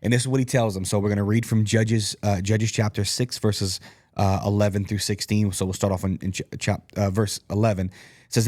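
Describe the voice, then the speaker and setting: A man with a fairly low voice hosts a relaxed faith discussion, reading Bible passages aloud and reflecting on them earnestly with plenty of fillers. The sound is dry and close, with no room echo. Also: a little fast. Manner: earnest, reads scripture aloud with frequent fillers. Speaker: church host. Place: church studio.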